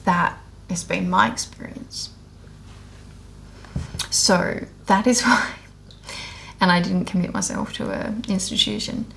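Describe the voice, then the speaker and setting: A woman's voice: mid-range voice, fairly even intonation, takes it slowly, vocal fry, pauses often, a bit bright, a little hiss or hum. A woman speaking in a candid, unscripted monologue, blunt and heavily profane, earnest and emotional as she rambles with restarts about her spiritual awakening.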